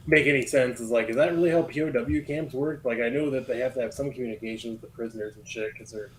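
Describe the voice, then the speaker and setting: A man's voice: medium pitch, steady tone, quick pace, a little hiss or hum, poor audio. A man on a casual podcast giving a blunt opinion with casual swearing. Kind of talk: casual movie chat.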